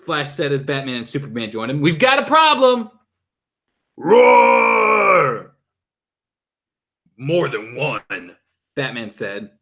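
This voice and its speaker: A young man casually reading a children's chapter book aloud as a host. His voice is a bit high for a man and swings widely in pitch, and he stumbles over a word now and then. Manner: lively, stumbles and laughs at own slips. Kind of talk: casual read-aloud narration.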